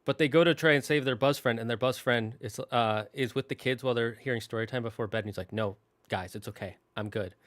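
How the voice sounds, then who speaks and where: A young adult man casually recaps a story for his channel at a middle pitch. He rambles and corrects himself constantly, stacking fillers and restarts, and gets openly emotional. The recording is close and dry, with no room sound. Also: steady tone, quick pace, few pauses, fairly bright tone, no room sound. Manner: emotional, tearing up. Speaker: gaming channel host.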